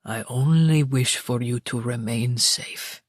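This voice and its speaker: A woman voicing an older male mob boss, speaking low, steady and controlled. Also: slow, slightly rough, no room sound, clean studio sound, full character voice. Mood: protective. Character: deep-voiced older male mob boss, calm, protective.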